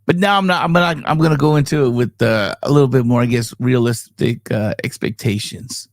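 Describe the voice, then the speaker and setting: A man's voice: medium pitch, a little fast, no room sound. A man co-hosting a casual comics chat, rambling with lots of fillers and frequent laughs. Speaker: podcast co-host.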